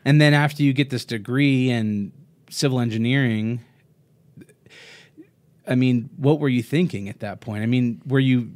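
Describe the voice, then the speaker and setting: A man's voice: mid-range voice, moderate pace, pauses often, darkish tone. Brief: a male podcast host, easygoing and chatty, feeling his way through long questions. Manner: friendly, rambling questions, laughs along. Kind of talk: casual interview chat.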